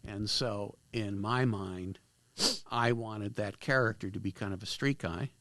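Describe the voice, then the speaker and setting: A man, a screenwriter guest, telling anecdotes in a casual, animated way in a studio. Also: lowish voice, measured pace, background noise. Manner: animated, acts out dialogue with lively shifts. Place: podcast studio.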